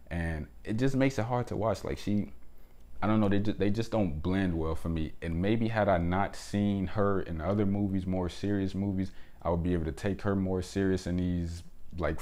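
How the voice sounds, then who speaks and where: Deep-voiced man giving a casual review. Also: a little mellow. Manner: conversational and opinionated, with frequent "you know" and "like". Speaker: movie reviewer, channel host. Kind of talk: casual spoken film review. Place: indoors at home with windows closed.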